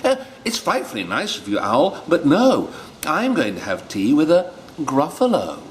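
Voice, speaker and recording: A quick-witted little brown mouse from a storybook, voiced by a man, pitched somewhat higher than a normal speaking voice. He sounds chirpy and teasing, and bright with cheek. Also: huge pitch swings, slight background noise. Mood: cheeky.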